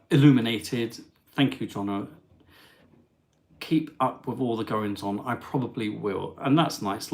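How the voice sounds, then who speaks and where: A man hosting a casual live travel stream, chatting and reading viewer comments aloud in an animated way. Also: mid-range voice. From England.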